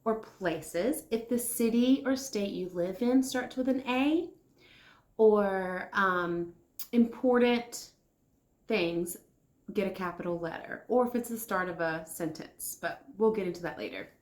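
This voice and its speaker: A kindergarten teacher with a mid-range, slightly mellow voice leads circle time, speaking slowly and encouragingly. She responds to imagined replies from the children. The room echoes.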